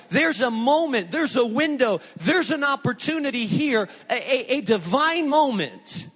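A middle-aged man preaching a sermon as a pastor, telling stories with animated, emphatic repetition. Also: very high-pitched, moderate pace, hardly any pauses. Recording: long reverb of a large hall.

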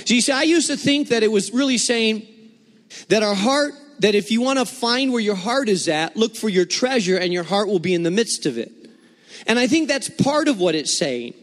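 A man preaching a sermon, explaining scripture and telling lively, humorous stories from his own life. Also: high-pitched, normal speed, long reverb tail. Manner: animated storytelling with humor. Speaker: pastor.

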